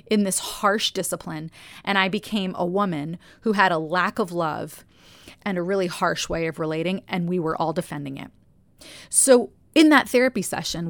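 A woman with a New Jersey accent, speaking as a podcast host in an earnest, confessional personal reflection that often drops to a soft near-whisper. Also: lowish voice, vocal fry, no echo.

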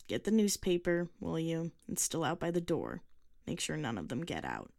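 A woman's voice: low-pitched, wildly swooping pitch, moderate pace, gravelly, darkish tone, no echo, studio quality, full character voice. A woman voicing a grumpy, frail old man who speaks curtly and weakly. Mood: gruff, curt. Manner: curt, weak and coughing.

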